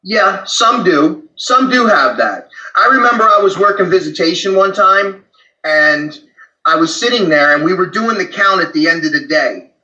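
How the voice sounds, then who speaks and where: Man, former prison guard, blunt, profane, fast restarts, high bright voice, echoey room. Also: lively intonation, lo-fi sound. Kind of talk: candid conversational storytelling.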